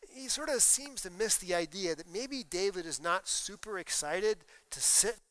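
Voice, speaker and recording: A man's voice: sits high, lively intonation, moderate pace, fairly bright tone, no echo. A man preaching a sermon, explaining scripture and reading passages aloud with emphasis. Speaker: pastor.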